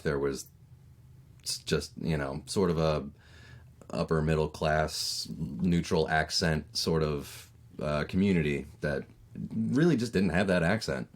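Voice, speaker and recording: A man in his thirties from Maryland with a neutral American accent, chatting casually as a voice actor guest on a podcast, with lots of fillers and lively storytelling. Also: rumbling low, a little slow. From Maryland, USA. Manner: chatty, lots of fillers, animated when telling stories.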